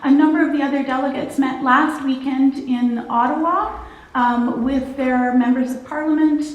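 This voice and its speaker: A woman's voice: sits high, steady tone, moderate pace, dull audio. A woman giving a church talk as guest speaker, hesitant, with many fillers. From Canada. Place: church hall. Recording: echoey church hall.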